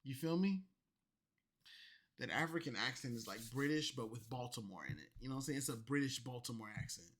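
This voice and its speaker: A man reacting to clips in a loose, profane rant, tipsy, swinging between loud outbursts and low mumbling. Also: expressive, brisk, slight background noise. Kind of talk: loose ranting commentary.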